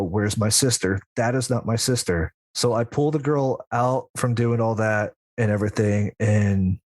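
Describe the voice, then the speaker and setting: A man's voice: mid-range voice, dry recording. A man who works as a demonologist, telling a long story in a casual interview, full of asides and little laughs. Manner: rambling, with frequent asides and laughs. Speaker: practicing demonologist guest.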